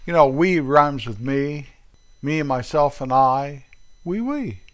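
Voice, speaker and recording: A man's voice: medium pitch, steady tone, unhurried, a bit bright. A middle-aged man with an American accent, delivering a playful, goofy comedic monologue and poking fun at himself. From United States. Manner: playful, goofy, self-mocking.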